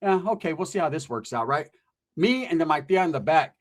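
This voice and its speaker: A man telling a comedic story in an animated, profane, slangy way. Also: fairly high pitch, a little fast.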